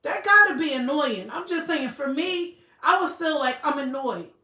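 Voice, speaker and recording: A woman's voice: high voice, expressive, moderate pace, bright, forceful tone. A woman chatting casually on a livestream, blunt and profane. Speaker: livestream host. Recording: roomy echo, slightly far from mic.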